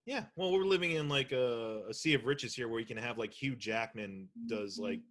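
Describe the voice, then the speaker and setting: A man co-hosting a casual podcast chat, measured and opinionated. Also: medium pitch, fairly bright tone. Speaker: podcast co-host.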